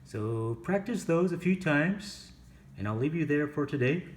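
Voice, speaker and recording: A man's voice: a little high, lively intonation, a little slow, slight background noise. A man teaching an English lesson, explaining grammar and pronunciation step by step and asking the class questions.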